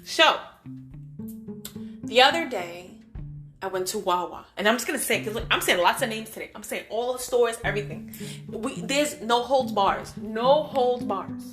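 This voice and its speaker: Animated woman telling a story over guitar. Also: fairly high pitch, moderate pace. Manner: animated, acts out quoted voices, emphatic. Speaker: vlogger. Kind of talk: casual storytelling monologue. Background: guitar music.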